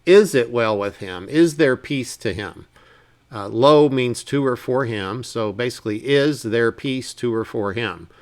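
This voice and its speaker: In a mid-range voice, a man gives a casual Bible Hebrew lesson, reading verses slowly before explaining them in relaxed asides.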